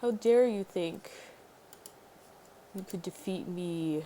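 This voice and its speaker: A woman's voice: on the low side, dark tone, voice pushed down. A woman voicing a gloating, grandiose villain who taunts theatrically during a game stream. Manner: theatrical taunting, drawn-out lines. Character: gloating grandiose villain, female, mock-menacing.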